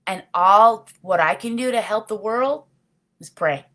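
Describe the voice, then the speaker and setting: This middle-aged host of a casual live video has a mid-range, fairly bright voice and an unhurried delivery. Responding to viewers' comments, she rambles earnestly and sincerely, peppering her talk with "you know."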